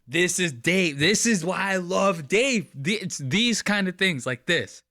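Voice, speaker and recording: A man hosting a podcast, reacting to clips in casual commentary, excitable and swearing freely. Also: high-pitched, unhurried, no room sound. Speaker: podcast host.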